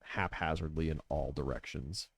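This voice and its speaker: A man's voice: a bass voice, fairly even intonation, moderate pace, creaky, dry recording. A young man running a tabletop game as game master, narrating scenes in a casual, descriptive way.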